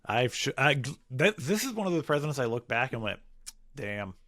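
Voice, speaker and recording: A man co-hosting a comedy podcast, talking in a relaxed way with frequent laughs. His voice is mid-pitched, and the recording is dry and close. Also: fast, no room sound. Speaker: podcast co-host. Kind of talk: casual chat.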